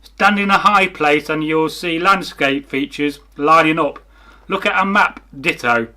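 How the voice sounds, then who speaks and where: A man's voice: a little high, a little slow, bright, forceful tone. A man co-hosting a casual comment-reading chat, with a dry, mocking sense of humour. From England. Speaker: co-host.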